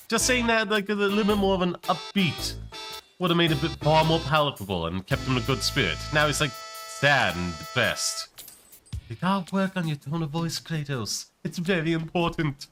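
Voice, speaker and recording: A man streaming a game, chatting casually and wryly, quick to rant about what annoys him. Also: fairly high pitch. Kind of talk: casual gameplay commentary. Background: game music.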